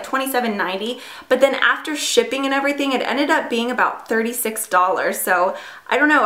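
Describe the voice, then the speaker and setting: A young woman talks her way through a makeup routine in a relaxed, rambling way, dropping plenty of fillers and poking fun at herself. Her mid-height voice bounces off the walls of an echoey room. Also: mid-range voice. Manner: chatty, filler-heavy, self-deprecating. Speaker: beauty vlogger. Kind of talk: casual makeup tutorial chat.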